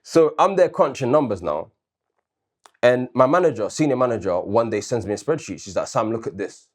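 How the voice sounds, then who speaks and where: A man's voice: medium pitch, sing-song, fairly quick. A man co-hosting a casual debate show, arguing his point earnestly and backing it with questions and personal stories. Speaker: co-host.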